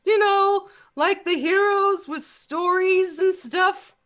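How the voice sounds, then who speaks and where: A woman's voice: very high voice, slow pace, fairly bright tone, voice pushed up, heavily acted. A woman voicing a shy, wide-eyed eleven-year-old boy who asks hesitant, awed questions.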